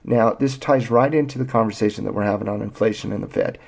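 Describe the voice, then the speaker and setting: Gravelly-voiced man hosting a podcast. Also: fairly low pitch, fast. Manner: jokey, reads quotes aloud. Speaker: podcast host. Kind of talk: casual finance chat.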